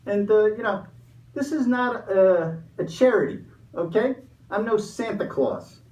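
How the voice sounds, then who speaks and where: A man voicing a gruff, money-minded Easter Bunny who wisecracks and talks pushy, in a comedy sketch. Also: sits high, unhurried, darkish tone. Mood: greedy. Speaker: comic interviewee. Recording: roomy, far from mic.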